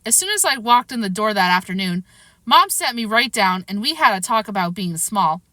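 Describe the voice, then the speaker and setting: A woman reading a children's novel aloud in a lively, expressive way. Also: medium pitch, moderate pace, no room sound. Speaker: reader. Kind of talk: storybook narration.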